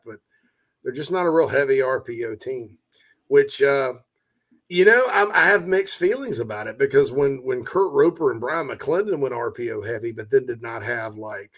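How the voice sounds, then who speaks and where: A man's voice: medium pitch, fairly bright tone. Man, sports talk host, casual and joking, reads viewer comments. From South Carolina. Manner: joking, chatty, reads out audience questions.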